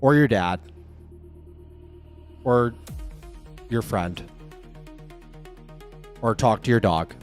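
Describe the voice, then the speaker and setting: A young man hosting a casual livestream, upbeat and playful, firing off quick sign-off patter to his viewers. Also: mid-range voice, darkish tone, soft background music. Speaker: livestream host.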